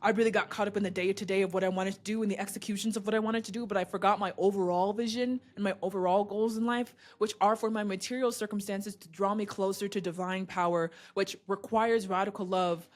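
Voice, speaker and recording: An animated young woman talking straight to her audience in a casual, motivational vlog. Her voice sits in a middle register but swoops high and low, and she breaks into laughter often. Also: brisk, hardly any pauses. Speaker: podcaster and video host. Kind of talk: casual motivational talk to camera.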